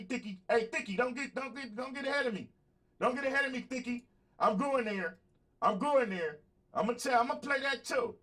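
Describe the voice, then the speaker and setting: A man's voice: extremely high pitch, a bit bright. A man hosting a livestreamed podcast, giving heated, profane commentary straight to his chat. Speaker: podcast host.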